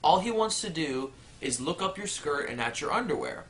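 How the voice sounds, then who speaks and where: Man voicing a tired mom, soft scolding, hushed, weary. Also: fairly high pitch, lively intonation, normal speed, close to an everyday voice.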